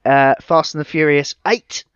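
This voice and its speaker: A man co-hosting a casual film podcast, relaxed and hesitant, often pausing with uh and um. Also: a little high, smooth, no room sound, muffled recording. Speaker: podcast co-host.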